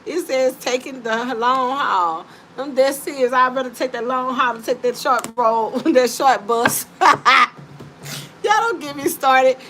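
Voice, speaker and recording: A woman's voice: sits high, a little slow. Laughing, profane woman card reader. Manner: animated, bursts of laughter, profane and teasing. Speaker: live-stream card reader. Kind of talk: casual live-stream card reading. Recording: steady background noise.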